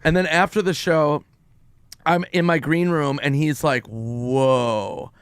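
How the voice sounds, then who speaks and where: A man's voice: a little high, steady tone, normal speed, fairly bright tone, clear, resonant tone, no echo. Man in his forties telling wild stories. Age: 40s. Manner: storytelling, acting out both sides of conversations. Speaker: stand-up comedian guest. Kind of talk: casual radio chat. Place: radio studio.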